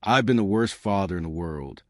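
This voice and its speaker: A man's voice: low voice, lively intonation, normal speed, no room sound, studio quality. A man voicing a remorseful wealthy father whose voice breaks with emotion.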